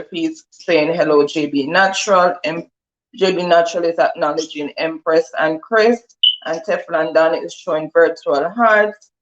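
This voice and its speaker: A woman's voice: fairly low pitch, muffled recording. Woman reading out live chat. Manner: reads out viewer comments, warm greetings, laughs easily. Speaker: livestream co-host reading chat. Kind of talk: casual livestream chat.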